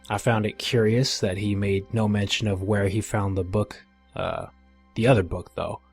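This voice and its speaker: A man with a fairly low voice narrates a first-person horror story. He reads in a measured, grim way, and soft music plays quietly underneath. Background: faint music.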